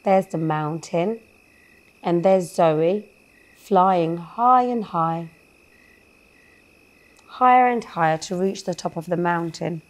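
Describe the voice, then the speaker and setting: A woman reads a children's bedtime story at a slow, unhurried pace. She speaks gently and often stops to ask her young listeners questions. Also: fairly low pitch. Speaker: storyteller for a kids show.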